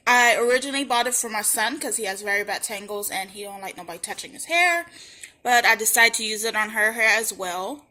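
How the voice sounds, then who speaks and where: A woman's voice: fairly high pitch, pushed and bright. A woman beauty vlogger talking through a hair routine step by step in a plain, conversational voice-over.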